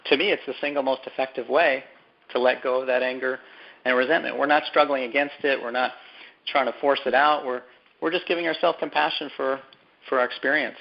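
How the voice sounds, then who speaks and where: A man being interviewed as an author, speaking thoughtfully and haltingly, often repeating words as he gathers his thoughts. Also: medium pitch, fairly even intonation, vocal fry, highs cut off. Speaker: author and guest. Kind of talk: conversational interview.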